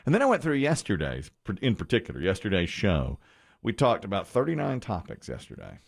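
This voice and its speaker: A man's voice: lowish voice, huge pitch swings, fairly quick, creaky. A man hosting a radio show, telling a story in casual banter, mock-indignant and laughing often.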